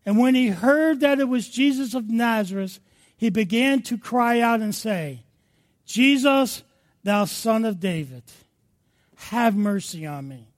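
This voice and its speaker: Male pastor, very high voice, slow and fervent sermon delivery, from hushed to loud. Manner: impassioned preaching that swings between hushed and loud.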